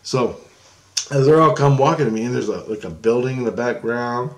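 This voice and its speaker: A middle-aged man rambles through a long story in a casual vlog. His voice sits at an ordinary male pitch. He swears freely and keeps breaking into laughter. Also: fairly quick. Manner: profane, laughs often, loose and talkative. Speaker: vlogger.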